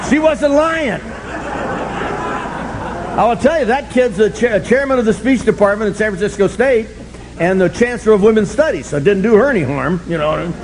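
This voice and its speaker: An older man speaking at a recovery meeting, telling his story in an animated, self-mocking way and breaking into shouts for emphasis. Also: high voice, normal speed, a crowd in the background, noisy background.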